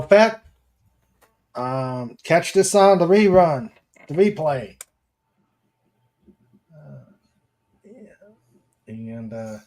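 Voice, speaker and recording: A man's voice: mid-range voice, a little mellow. A man hosting a casual podcast stream, chatting with guests and reading viewer comments aloud, with lots of fillers and chuckles. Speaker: podcast host.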